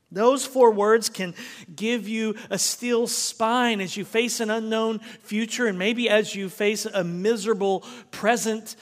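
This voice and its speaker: A man's voice: high-pitched, a bit bright, long reverb tail. A man preaching a sermon as pastor, emphatic and full of rhetorical questions, in a church sanctuary.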